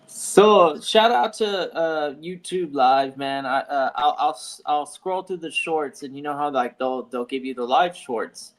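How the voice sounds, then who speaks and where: Slightly high-voiced man, halting explainer. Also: rough recording. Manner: rambling, halting explainer with many restarts. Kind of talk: casual chat. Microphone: streaming call mic.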